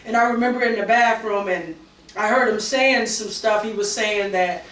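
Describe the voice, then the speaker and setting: A woman's voice: medium pitch, fairly even intonation, fairly quick, a bit bright. A middle-aged woman on a talk show panel, candidly telling a personal story with many fillers and restarts. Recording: roomy sound from a distance.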